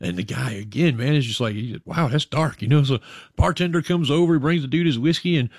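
A man's voice: medium pitch, fast talker, a little mellow, slightly rough, no echo, studio quality. A man hosting a radio music show, chatting folksily to his listeners and rambling through a joke. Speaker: radio host.

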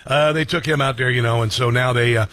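A man's voice: medium pitch, fairly even intonation, fast, fairly bright tone, no echo. A man hosting a political talk show, reading headlines and riffing on them in a blunt, combative way. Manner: blunt, combative, reads headlines then riffs with asides. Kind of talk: opinionated talk radio commentary.

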